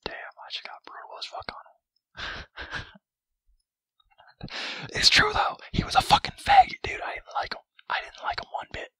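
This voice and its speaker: A man's voice: measured pace, long pauses, fairly bright tone, no echo, natural voice, low-quality recording. A man doing whispered role-play as a greedy, grumpy male cartoon crab, commenting on his gameplay with foul-mouthed, rambling, self-mocking chatter. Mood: grumbling. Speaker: gaming commentator.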